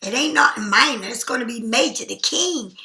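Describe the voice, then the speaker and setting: A woman talks through a tarot reading in a loose, slangy, animated way. Her voice sits high and sounds bright. The room around her is echoey. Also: brisk. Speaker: tarot reader.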